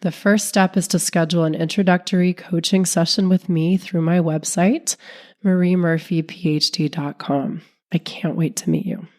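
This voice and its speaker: A woman relationship coach hosting her own podcast, talking calmly and steadily while sick, her voice sounding off from illness. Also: fairly low pitch, normal speed. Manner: calm, steady, non-judgmental explaining. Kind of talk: solo podcast talk.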